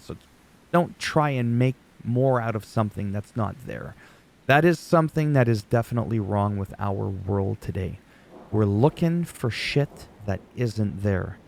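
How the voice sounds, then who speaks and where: A man's voice: fairly low pitch, lively intonation, a little slow, creaky, a little mellow. A man whose first language is French, ranting sarcastically and profanely as a YouTuber recapping wrestling. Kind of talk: ranting casual commentary.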